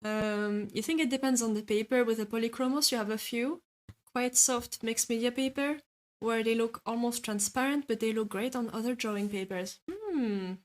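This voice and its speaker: This woman's voice is somewhat high and at normal speed, with a French accent. She chats with viewers while drawing, reading and answering their comments, hesitating, filling pauses with sounds, and laughing a lot.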